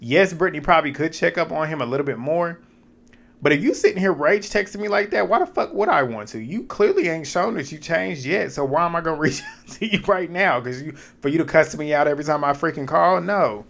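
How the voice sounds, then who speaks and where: A man doing a casual reality TV recap, opinionated and animated, with laughs and mocking high-voiced asides. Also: a little fast, gravelly. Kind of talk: casual episode recap with commentary.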